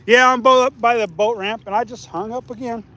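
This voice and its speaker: High-voiced rambling man streaming outdoors. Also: fairly even intonation, fairly quick, pushed and bright. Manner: easygoing, rambling, restarts often. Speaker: fishing live streamer. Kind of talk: casual live stream chat. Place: outdoors by a lake.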